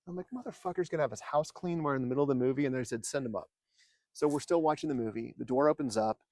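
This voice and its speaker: Man, casual storytelling, animated, profane, dry recording. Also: medium pitch, very fast, no echo. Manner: animated, swears freely, acts out quotes. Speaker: podcast guest.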